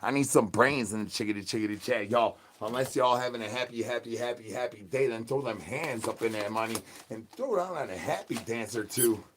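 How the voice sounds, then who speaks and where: A young man rambling through goofy, nonsensical livestream banter full of slang, swinging between loud hype and low mumbling. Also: brisk, few pauses, a little hiss or hum. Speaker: streamer in costume.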